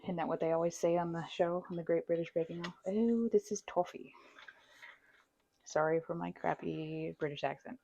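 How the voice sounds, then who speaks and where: A woman's voice: fairly low pitch, flat delivery, fast, creaky, few pauses, a little mellow, dry recording, dull audio. A woman baking at home who chats while she decorates a cake. She pokes fun at herself and laughs often. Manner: chatty, self-deprecating, laughs often. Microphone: wireless microphone.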